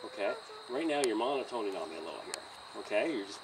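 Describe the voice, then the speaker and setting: A man training a horse outdoors by a trailer, coaching a student in an encouraging, animated way and often laughing. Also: lowish voice, fast talker. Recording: distant outdoor mic with insect noise.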